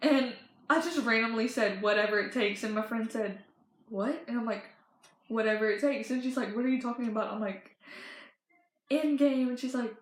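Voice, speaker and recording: A teenage girl vlogging about movies she loves, telling stories in a gushing, excited way with lots of fillers and restarts. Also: fairly high pitch, normal speed, roomy sound, low-quality recording. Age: teens. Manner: gushing, breathless storytelling with many fillers and restarts. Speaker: fan vlogger. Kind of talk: excited casual chat.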